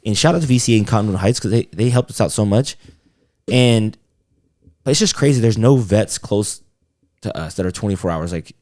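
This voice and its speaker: A man's voice: fairly low pitch, expressive, fairly quick, mellow, no echo. A young man co-hosting a podcast, telling a rambling story in slangy, profane casual chat full of fillers. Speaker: podcast co-host.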